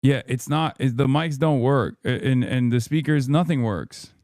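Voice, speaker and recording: A man's voice: medium pitch, moderate pace, a little mellow, no echo, clean studio sound. Frustrated male streamer swearing at tech. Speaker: livestream host. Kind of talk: live stream chat with viewers.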